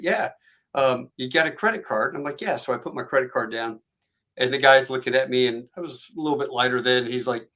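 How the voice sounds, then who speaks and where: A middle-aged man hosting a podcast, telling stories in a casual, animated way and acting out the voices of the people in them. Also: mid-range voice, fast talker. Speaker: podcast host. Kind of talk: casual storytelling chat.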